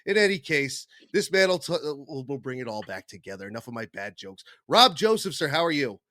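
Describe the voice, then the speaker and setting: A man's voice: medium pitch, very animated, a little fast, bright, forceful tone, dry recording, clean studio sound. A man hosting a casual podcast, rambling and joking at his own expense. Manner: jokey, rambling, self-deprecating. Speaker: podcast host.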